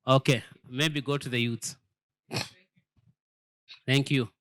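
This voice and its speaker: A man's voice: mid-range voice, steady tone, slow pace, fairly bright tone. A man, a church elder giving a sermon-style lesson, emphatic and full of rhetorical questions, often repeating words as he searches for them. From Zambia.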